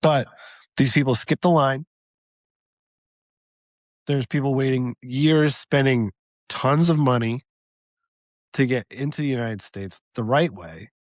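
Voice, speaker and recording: Here a male podcast co-host, whose voice is going, walks through a policy plan one step at a time during a casual debate. His medium-pitched delivery is slow with long pauses, thinking aloud on a dry recording.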